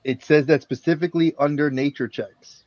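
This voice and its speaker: A man playing a tabletop game flips through the rulebook aloud, explaining the rules with casual swearing and a focus on getting them right. His voice is on the high side and darkish, with fairly even intonation at a moderate pace, in a dry, muffled recording.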